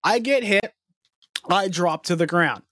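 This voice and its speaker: A man's voice: high-pitched, a little slow, a little hiss or hum. A young man telling a long rambling story on a podcast, swearing freely and getting worked up. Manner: animated, profane, rambling storytelling. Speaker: podcast co-host.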